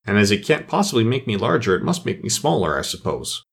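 A man's voice: fairly low pitch, very animated, fast, gravelly, breathy edge, exaggerated voice. A man reading the lines of a curious young girl thinking aloud to herself in a storybook. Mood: musing.

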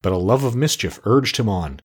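A man narrating a storybook aloud in an expressive storytelling manner. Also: lowish voice, a little fast, breathy edge. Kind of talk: audiobook narration.

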